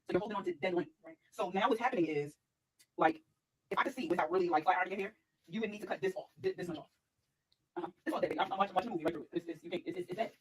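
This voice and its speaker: A woman's voice: fairly low pitch, animated, rapid-fire, slightly rough, poor audio. A woman hairstylist giving a blunt, lecturing consultation to a client, repeating herself for emphasis.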